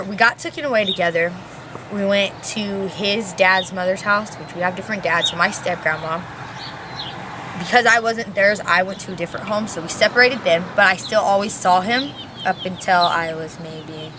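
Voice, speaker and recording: Chatty eighteen-year-old woman, slightly low voice. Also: noisy background. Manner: animated retelling with acted quotes, casual. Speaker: interviewee. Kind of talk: personal storytelling interview.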